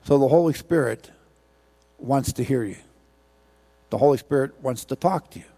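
A man's voice: mid-range voice, normal speed, mellow. A man preaching a sermon, telling a parable with a rhythmic, repetitive storytelling cadence. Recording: long hall reverb.

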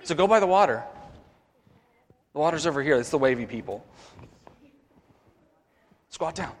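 A man's voice: on the high side, expressive, normal speed. A man leading a children's message at a church service, coaxing the kids through a skit and a short prayer. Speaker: children's sermon leader. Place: church sanctuary. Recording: long church reverb.

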